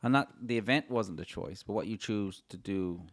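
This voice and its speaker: A man's voice: on the low side, normal speed, no room sound, studio quality. A man talking as a podcast guest, earnest and encouraging, repeating his points for emphasis. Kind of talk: casual conversation.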